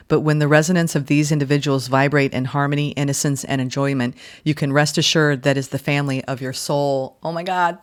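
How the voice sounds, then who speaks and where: A woman giving a casual tarot reading. She is emotional and effusive, exclaiming and repeating phrases as she reads card text aloud. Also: very deep voice. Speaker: tarot reader.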